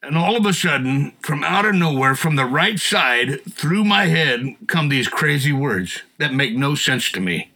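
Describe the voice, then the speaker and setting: Animated breathy man telling a story. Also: on the high side, measured pace, hardly any pauses, poor audio. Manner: animated storyteller who acts out quotes and laughs. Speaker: guest sharing testimony. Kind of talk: casual testimony chat.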